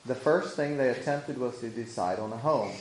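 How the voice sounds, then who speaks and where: A man reading an old-fashioned storybook aloud in a measured, steady way. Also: medium pitch. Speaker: narrator. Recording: echoey room with faint noise.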